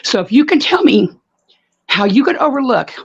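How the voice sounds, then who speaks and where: A woman's voice: on the high side, very animated, moderate pace, lo-fi sound. A woman ranting bluntly on a live online panel, cursing and repeating herself for emphasis. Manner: blunt, profane, repetitive. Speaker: panel guest. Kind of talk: heated live panel rant.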